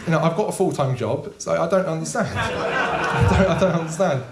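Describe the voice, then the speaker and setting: A young man doing a stand-up comedy set in a small club, deadpan and casual with frequent ums. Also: fairly high pitch, fairly quick, over a noisy crowd, heavy background noise. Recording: echoey room.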